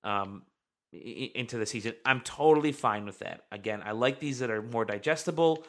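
A podcast host rambles through a casual chat, reading listener comments aloud and using plenty of fillers. His voice sits in the middle range, a bit bright, and he talks briskly.

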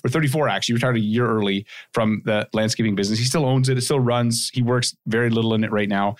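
A man hosting his podcast, telling a story in an energetic, chatty way with quick asides. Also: lowish voice. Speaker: podcast host.

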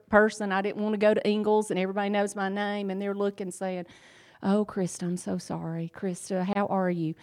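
A woman's voice: lowish voice, a little mellow. Woman in her fifties, personal testimony, earnest, emphatic, chatty with fillers. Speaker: speaker sharing a faith testimony.

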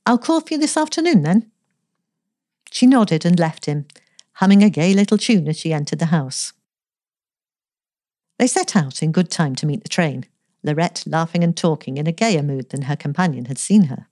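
A woman narrating a romance story in a measured, even reading. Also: sits low, no room sound, clean studio sound.

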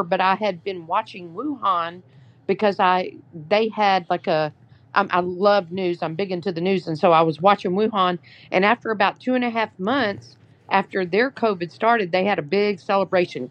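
A woman's voice: medium pitch, lo-fi sound. A woman guest on a podcast, telling a story in a casual, chatty way with many fillers. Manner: chatty, lots of "you know" fillers. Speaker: podcast guest, app founder.

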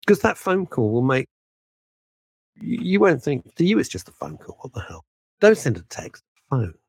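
A man talks as a guest on a podcast, his pitch swooping animatedly and his voice gravelly and a little husky. He is emphatic and keeps throwing in asides. The sound is dry and close. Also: huge pitch swings, moderate pace, a little mellow, dry recording. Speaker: guest broadcaster. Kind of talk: conversational podcast interview.

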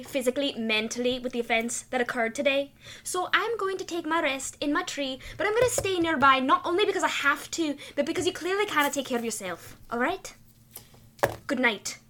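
A woman's voice: sits high, bright, forceful tone, slight background noise. A woman voicing a grumpy, reclusive female elf who avoids people, scolding in curt, exasperated bursts during a tabletop game. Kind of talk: tabletop role-play in character.

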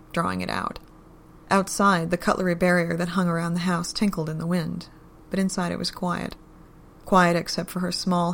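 A woman narrates a story in a steady, unhurried audiobook manner. Her voice sits low with a gravelly texture. A faint background hiss runs under the reading.

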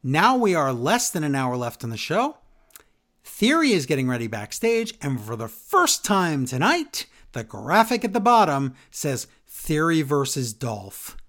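Guy w a slightly high voice ranting about wrestling, sarcastic, fired up. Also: wildly swooping pitch, unhurried, a bit bright. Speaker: podcast co-host. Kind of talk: casual wrestling recap chat.

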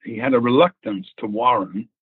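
A husky-voiced man spins a lively, profane showbiz anecdote, acting out the other people's lines as he goes. The sound is thin and phone-like, and the room is dry and close. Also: mid-range voice, moderate pace, dry recording. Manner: animated storyteller who acts out quotes and laughs. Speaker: actor recounting a film casting. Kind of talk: casual anecdote, swearing freely. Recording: tinny phone-like line.

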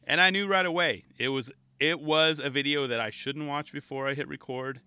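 Bright-voiced rambling male podcast host. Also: on the high side, normal speed, smooth. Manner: rambling, enthusiastic, self-interrupting. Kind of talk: casual solo podcast talk.

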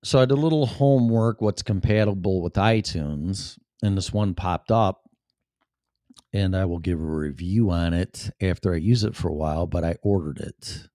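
A man's voice: sits low, moderate pace, warm tone, no echo, studio quality. Sex: man. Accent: Chicago. Role: show host. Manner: rambling, profane. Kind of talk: casual livestream monologue.

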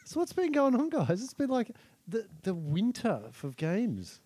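A man's voice: sits high, wildly swooping pitch, measured pace, warm tone. A man hosting a casual podcast chat with friends, joking and playfully contrarian. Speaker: podcast host.

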